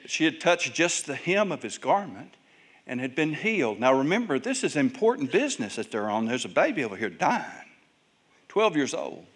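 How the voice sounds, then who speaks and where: A male pastor with a husky, somewhat bright, sing-song voice preaches at a normal pace. He tells Bible stories and acts out their characters, his pitch and volume rising and falling widely.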